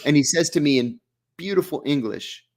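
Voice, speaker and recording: A man's voice: on the high side, expressive, normal speed, a little mellow. A man, an interview guest, telling a story in vivid first person and acting out the dialogue.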